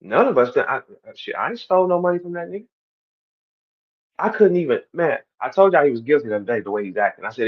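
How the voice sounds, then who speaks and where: A man's voice: fairly high pitch, fast, muffled recording. Heated man ranting on a stream. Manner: animated, repetitive, swings from loud to quiet. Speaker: battle rapper on a stream. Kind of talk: heated monologue.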